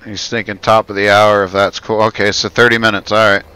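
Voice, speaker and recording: A man's voice: on the low side, little pitch movement, fairly quick, sharp tone, smooth, low-quality recording. A man from the United States hosting a livestream, chatting easily and reading the chat aloud. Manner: easygoing, friendly, reads chat aloud. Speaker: livestream host. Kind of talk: casual chat.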